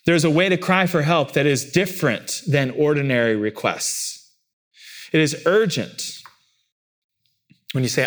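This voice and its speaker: Male pastor, higher-pitched, animated sermon delivery with dramatic vocal leaps. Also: unhurried. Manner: animated preaching, acting out cries with big pitch leaps.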